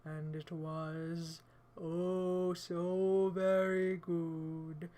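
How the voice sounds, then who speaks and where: A put-on deep man voice, as a woman streamer fakes it, dragged out very slowly and kept low. The delivery is flat with little rise and fall, playful and theatrical as it greets the viewers. It is casual livestream chat. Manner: slow, drawling, jokey and theatrical. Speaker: livestream host.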